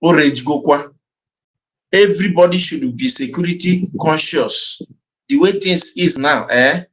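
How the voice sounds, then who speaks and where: A man with a Nigerian accent gives earnest livestream commentary, slipping between English and Igbo. He speaks slowly and repeats his points. His voice sits a little high for a man. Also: fairly bright tone, low-quality recording. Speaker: livestream host. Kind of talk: commentary on a played clip.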